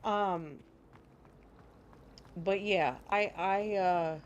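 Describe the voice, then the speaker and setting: A woman's voice: medium pitch, steady tone, very slow, highs cut off, slight background noise. Rambling New woman streaming a game. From New Jersey. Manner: rambling and candid, restarts often. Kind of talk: casual live-stream chat.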